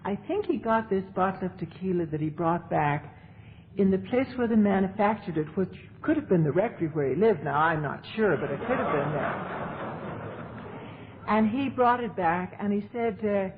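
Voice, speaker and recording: A woman's voice: medium pitch, animated, moderate pace. A woman telling her recovery story to an audience as a speaker, in a chatty, humorous way. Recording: tinny lo-fi tape with faint hiss.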